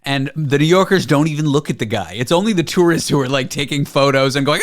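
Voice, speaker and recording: A man's voice: fairly high pitch, quick pace. A man hosting a talk show, telling stories in a playful, chatty way. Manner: playful, storytelling, quotes people in put-on voices. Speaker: host. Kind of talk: casual chat.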